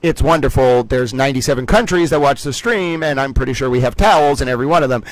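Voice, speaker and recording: A man's voice: mid-range voice, fast, no echo, poor audio. A man hosting a casual commentary livestream, rambling playfully with mock-grand asides. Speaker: livestream host.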